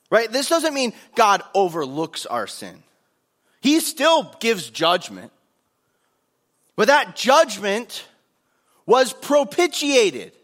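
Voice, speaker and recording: High-voiced, earnest male preacher. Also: bright, forceful tone. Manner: earnest, emphatic, leans on repetition. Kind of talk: sermon.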